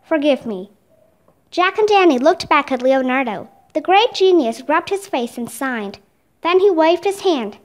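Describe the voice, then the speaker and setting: A woman narrating a children's audiobook in a steady, clear way. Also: sits high, moderate pace. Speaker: reader.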